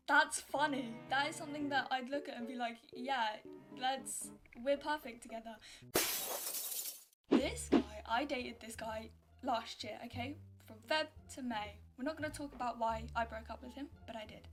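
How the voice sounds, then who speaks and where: A high-pitched young woman tells stories in a chatty, exasperated way, filling her talk with "like". Her delivery is casual, as in a vlog. Music plays clearly underneath her voice. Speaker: YouTuber. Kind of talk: casual storytelling and reacting.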